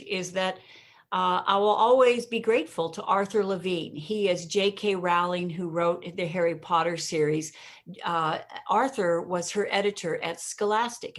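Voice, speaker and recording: A woman giving a podcast interview as a communication coach, speaking emphatically, pausing and punching key words, often addressing the host by name. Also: medium pitch. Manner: emphatic, deliberate punchy delivery with pauses.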